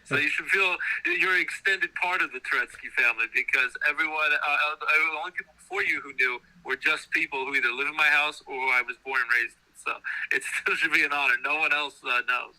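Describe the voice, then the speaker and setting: Fast, bright-voiced man chatting on air. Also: fairly high pitch, poor audio. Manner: eager, rambling storytelling. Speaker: guest, new college baseball coach. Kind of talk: casual radio chat.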